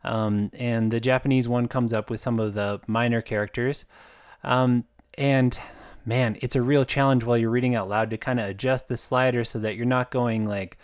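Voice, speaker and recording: A man speaks in a loose, conversational monologue, circling back with "um"s and restarts as he thinks aloud. His voice sits at an ordinary middle pitch, and the recording is close and dry with almost no room sound. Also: fairly even intonation, normal speed, clean tone, no room sound. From United States. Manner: rambling and conversational, with frequent fillers and restarts. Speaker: author narrating his own audiobooks. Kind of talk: casual spoken monologue.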